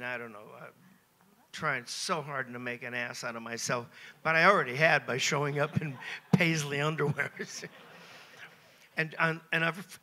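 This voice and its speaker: An American man in his seventies, a guest at a Q&A on a cruise ship, telling anecdotes in a lively, self-mocking way and chuckling between phrases. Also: fairly high pitch. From United States. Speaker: interview guest. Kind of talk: anecdotal Q&A storytelling.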